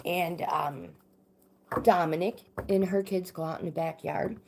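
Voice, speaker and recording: A middle-aged woman recounting a story on a livestream, her pitch sitting a little low. She speaks slowly and unhurriedly, pausing often, restarting sentences and filling gaps with "um.". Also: fairly even intonation, creaky, a little hiss or hum. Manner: halting, many restarts and fillers. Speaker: livestream host. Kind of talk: casual storytelling.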